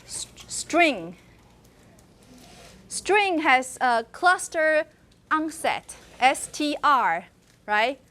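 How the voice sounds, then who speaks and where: High-voiced woman lecturing. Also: very animated, drawn-out words, long pauses, sharp tone. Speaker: university linguistics lecturer. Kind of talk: classroom lecture. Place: classroom.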